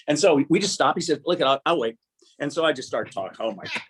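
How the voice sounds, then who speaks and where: Husky older man telling a story. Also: mid-range voice, animated, fairly bright tone. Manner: rambling, halting, laughs often. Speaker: guest. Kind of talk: emotional personal storytelling.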